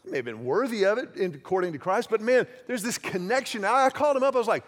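A man's voice: high-pitched, animated, rapid-fire, hardly any pauses. A man preaching a sermon in a conversational, self-deprecating way, acting out little quoted exchanges. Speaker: pastor.

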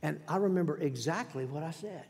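A male pastor telling a personal story in a sermon, in a folksy, halting way with many restarts, and dropping to a hush for prayers. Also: fairly high pitch, expressive. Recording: long hall reverb.

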